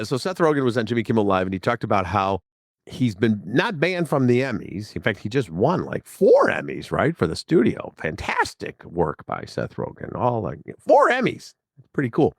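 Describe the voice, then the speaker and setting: A man's voice: fairly low pitch, creaky, dry recording, clean studio sound. A man in his sixties from the Chicago area, hosting a podcast in a casual, rambling monologue and chuckling often. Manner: chatty, digressive, chuckling often. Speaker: podcast host.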